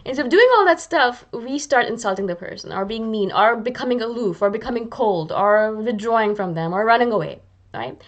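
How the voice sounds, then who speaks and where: A woman's voice: a little high, animated, brisk, lo-fi sound. A woman hosting her own video channel, talking casually and self-mockingly to the camera and acting out little quoted asides. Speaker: YouTube channel host.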